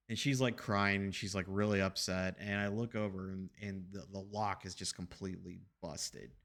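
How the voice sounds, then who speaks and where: A man streaming from his apartment, telling a long anecdote in a rambling, animated way with restarts and casual swearing. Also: sits low, moderate pace, hardly any pauses. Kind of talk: casual storytelling chat. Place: home apartment.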